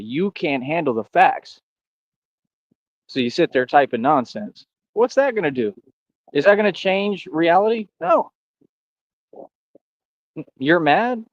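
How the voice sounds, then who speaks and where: A man's voice: mid-range voice, dry recording. A man boasts and argues with his livestream chat, confrontational and sure of himself, tossing in "bro" again and again. The audio is dry and a little dull, like a cheap stream mic.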